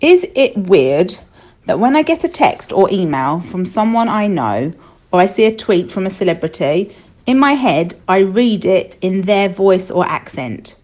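A woman's voice: medium pitch, very animated, unhurried, darkish tone. A woman from England reading out her own listener letter in a chatty, self-deprecating way.

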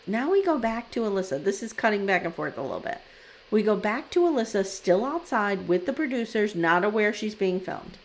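Animated woman in her forties retelling. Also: medium pitch, brisk. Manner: animated storyteller, acts out quotes. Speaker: podcast co-host. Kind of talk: casual recap chat.

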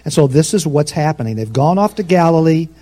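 Conversational preacher man, slightly high voice. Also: lively intonation, brisk, warm tone. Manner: conversational storytelling with asides to the congregation; rises in pitch and force for emphasis. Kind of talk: sermon.

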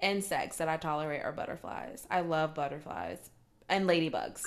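Woman co-host, slightly low voice, chatty, acts out quick quoted lines, casual talk. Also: slight background noise. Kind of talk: casual chat about reality TV.

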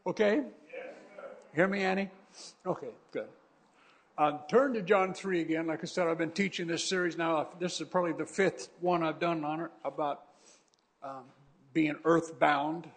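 A man's voice: fairly high pitch, fairly even intonation, moderate pace, pauses often. A man who is a pastor, preaching a fervent sermon that repeats itself and often restarts.

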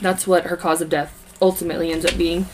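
A woman's voice: fairly low pitch, little pitch movement, fast talker, slight background noise. Woman reading a true crime case aloud. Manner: reads from notes with stumbles and asides.

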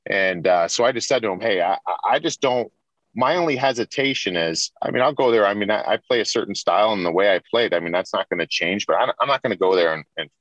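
Brief: lower-voiced man, 40s, ex-athlete guest, rambling storyteller, dry close recording. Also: quick pace, hardly any pauses, fairly bright tone, no room sound. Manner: rambling, many restarts and repeats. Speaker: interview guest, former pro hockey player. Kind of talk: casual storytelling interview.

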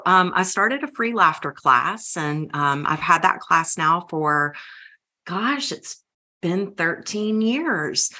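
A woman's voice: sits low, pushed and bright. A woman who teaches laughter yoga, talking in a podcast interview and laughing often as she speaks. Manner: giggly, laughs often, leads group chants. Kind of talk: podcast interview, guiding exercises.

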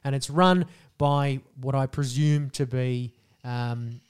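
A man telling a story on a casual podcast. He swears freely and is animated, with loud bursts when he quotes people. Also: mid-range voice, takes it slowly, smooth. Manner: animated, profane, jumps into loud voices when quoting people. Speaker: podcast co-host.

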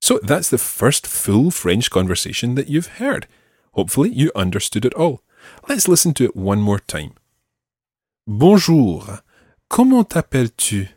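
A man teaching a French lesson, slowly modelling phrases for the listener to repeat. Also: mid-range voice, very animated, darkish tone, breathy edge, no room sound, studio quality. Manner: slow, carefully enunciated model phrases. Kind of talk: language lesson.

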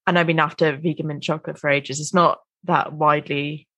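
A woman co-hosting a podcast, talking in a relaxed, conversational way. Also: low voice, fairly quick, dry recording. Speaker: podcast co-host. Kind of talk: casual chat.

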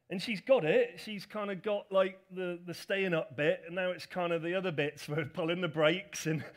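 Middle-aged pastor, high-pitched, casual and self-deprecating as he tells a story from the pulpit. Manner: chatty, self-deprecating storytelling with audience asides. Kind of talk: sermon with personal story.

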